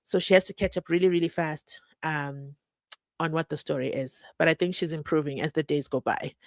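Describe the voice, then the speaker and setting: A woman hosting a true crime channel, chatting casually and reading out viewer comments, animated and teasing, laughing often. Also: deep voice, a little fast, no echo. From South Africa.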